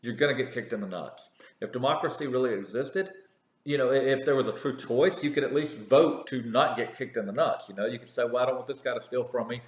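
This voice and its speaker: A man's voice: medium pitch, a little fast, roomy sound. A man talking in a casual, rambling monologue, full of restarts and swearing. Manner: rambling storyteller with many restarts and profanity. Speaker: political commentator.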